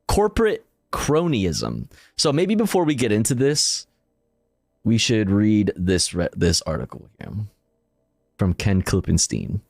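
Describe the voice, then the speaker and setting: A man's voice: fairly low pitch, wildly swooping pitch, a little slow, creaky, a little mellow, dry recording, studio quality. A male streamer casually reading news articles aloud and commenting, profane and self-deprecating, often stumbling over his words.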